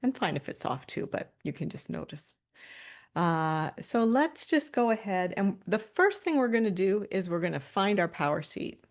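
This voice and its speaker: A woman presenting a webinar over a video call, calmly guiding listeners through posture and breathing cues with light laughs between instructions. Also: mid-range voice, moderate pace. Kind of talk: guided body-awareness instruction.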